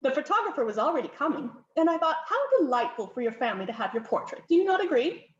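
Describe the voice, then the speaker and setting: A woman's voice: high-pitched, very animated, quick pace, reverberant, highs cut off, voice pushed up. A woman voicing an imperious older aristocratic countess who fusses and gives orders. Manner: bossy, fussy, commanding.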